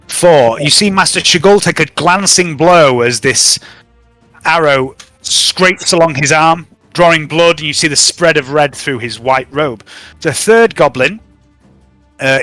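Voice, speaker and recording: A man's voice: a little high, slow, pushed and bright, no echo, soft background music, poor audio. A man running a tabletop game as game master, joking and playfully bossy with his players.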